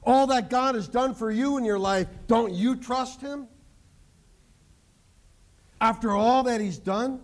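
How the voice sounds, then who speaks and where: A man preaching a sermon to his congregation, animated, joking and acting out the people in the story. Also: very high voice, takes it slowly, long pauses. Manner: animated preaching with jokes and acted-out quotes. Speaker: pastor.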